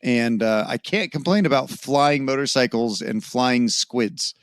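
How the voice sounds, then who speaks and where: A man with a medium-pitched voice and a measured pace co-hosts a gaming podcast, chatting casually in a loose, rambling way and swearing now and then. The recording is dry and studio quality.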